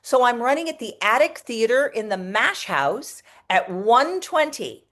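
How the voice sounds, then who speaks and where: Lively, profane American storyteller woman. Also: a little high, measured pace. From United States. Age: middle-aged. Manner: animated, profane, lots of restarts. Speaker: interview guest, comedic performer. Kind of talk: casual storytelling interview.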